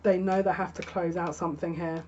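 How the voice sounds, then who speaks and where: A woman's voice: lowish voice, fairly even intonation, fairly quick, mellow, lo-fi sound, a little hiss or hum. A woman giving a tarot reading to camera, musing and thinking aloud with frequent restarts. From United Kingdom. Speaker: tarot reader.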